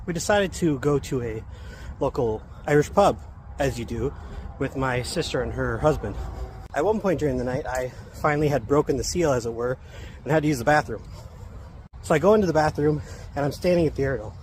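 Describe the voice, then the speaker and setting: A soft-spoken man telling a funny story in a casual, wry way while out on a walk. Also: medium pitch, brisk, a little hiss or hum. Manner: self-described soft-spoken, wry and amused. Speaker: vlogger. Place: outdoors on a walk.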